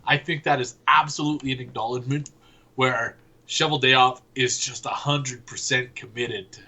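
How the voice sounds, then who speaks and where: A man co-hosting a casual sports podcast, joking and animated as he makes his points. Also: mid-range voice, moderate pace. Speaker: podcast co-host.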